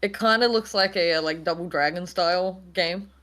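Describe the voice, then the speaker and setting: A woman's voice: on the low side, normal speed, a bit bright, rough recording. A woman co-hosting a podcast, chatting in a laid-back way and hedging with "like". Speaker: podcast co-host. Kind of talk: casual chat.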